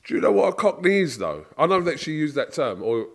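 A man's voice: a little high, very animated, a little fast, vocal fry. A young English man hosting a casual chat, patiently and earnestly explaining things. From England.

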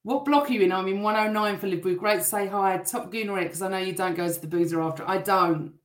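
A middle-aged woman hosting a live stream, chatting and greeting viewers by name while reading their comments, her voice still a little rough. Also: medium pitch, fast, roomy sound.

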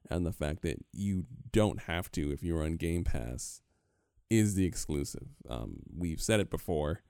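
A man with a very low, dark voice co-hosts a casual podcast, making wry, blunt remarks. His pitch moves a lot as he talks. The sound is close and dry. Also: expressive, unhurried, creaky, smooth, dry recording. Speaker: podcast co-host. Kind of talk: casual chat.

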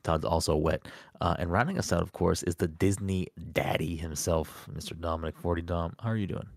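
Kicking off his gaming podcast, a young adult host keeps things loose and jokey, cursing casually throughout the intro. He speaks fairly quickly in a deep, steady voice with vocal fry, captured as clean studio sound with no room noise.

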